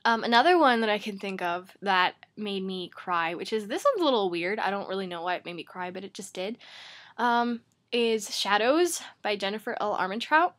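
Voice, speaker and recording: A woman's voice: medium pitch, lively intonation, normal speed, fairly bright tone. A woman book vlogger talking casually to camera from her bedroom, rambling and chatty, with lots of "like" and "um".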